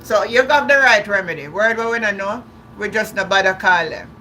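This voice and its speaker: A woman hosting a livestream chats loosely with her viewers at a moderate pace, her mid-range voice bright and ringing over a faint background hiss. She's chatty, often repeating or restarting words, and laughs frequently.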